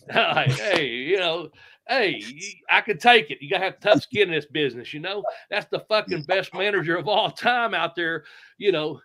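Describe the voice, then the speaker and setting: A middle-aged man, a retired wrestler telling profane, animated stories with sound effects. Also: fairly high pitch, unhurried. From United States. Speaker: retired pro wrestler, guest. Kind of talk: casual storytelling interview.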